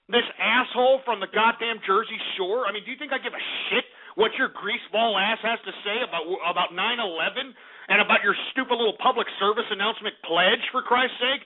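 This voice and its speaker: A man's voice: high-pitched, fast. A man hosting a radio show, delivering an angry, profane, sarcastic rant. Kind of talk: ranting talk radio monologue. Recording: tinny phone-line internet radio.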